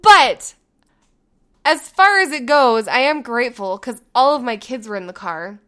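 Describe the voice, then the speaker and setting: A woman in her thirties, a mother telling a story in casual chat, animated and laughing often. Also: a little high, measured pace, clean tone.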